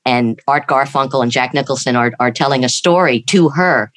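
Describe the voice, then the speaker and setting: A man's voice: mid-range voice, moderate pace, fairly bright tone. A man, a co-host, chatting casually and stammering a bit as he starts sentences. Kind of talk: casual conversation.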